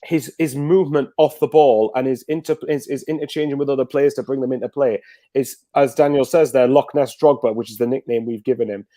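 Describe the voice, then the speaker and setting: A man's voice: mid-range voice, fairly even intonation, brisk, dark tone, no room sound. A man chatting casually as a guest football fan, rambling with lots of fillers and restarts. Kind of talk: casual video call chat.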